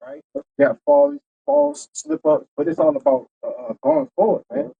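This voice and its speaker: A man leads a Bible lesson in a loose, conversational preaching style. His voice sits high and roams widely in pitch. It has a husky edge. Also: big pitch swings, normal speed, phone-quality sound. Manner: loose and conversational, tags lines with "man" and "right?". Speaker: bible teacher.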